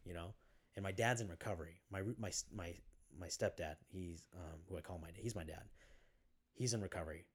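A man, a podcast guest, telling his own story in a casual interview, halting with many fillers and restarts and casual swearing. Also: low-pitched, slightly rough.

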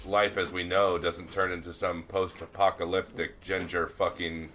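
Low, bright-voiced profane podcast guy. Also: flat delivery, moderate pace, slight background noise. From United States. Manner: profane, rambling storyteller. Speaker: podcast co-host. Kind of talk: casual chat.

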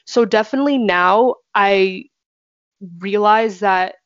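A woman's voice: mid-range voice, slow, clean tone, dry recording. A young woman talking earnestly about gratitude in a casual discussion, with many fillers. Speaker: panelist. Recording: dry dull lo-fi audio.

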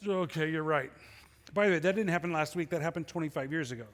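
High-voiced male pastor preaching in a hall. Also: very fast. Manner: conversational preaching with rhetorical questions. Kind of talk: sermon. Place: church sanctuary.

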